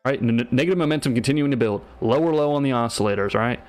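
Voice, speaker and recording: A man talking through charts on a live market stream. His voice sits at an ordinary middle pitch, and his delivery is loose and slangy. He keeps checking in with "right?" and "man". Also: fast talker, soft background music. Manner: casual and slangy, often asks "right?". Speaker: market analysis livestreamer.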